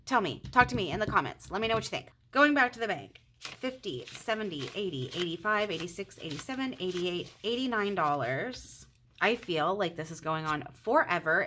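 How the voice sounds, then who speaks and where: A woman in her thirties chatting casually to her viewers while counting cash into envelopes, excitable and talkative. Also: medium pitch, normal speed. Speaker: budgeting vlogger.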